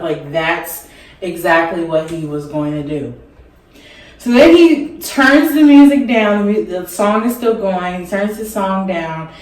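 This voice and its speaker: A young woman vlogger telling a story in a chatty, rambling way while doing her makeup, with lots of "like" fillers. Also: mid-range voice. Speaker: beauty vlogger. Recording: echoey room, mic at a distance.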